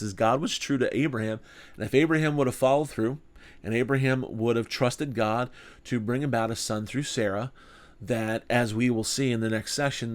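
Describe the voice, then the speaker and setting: Earnest man teaching a Bible study. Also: medium pitch. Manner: earnest, conversational, with rhetorical questions.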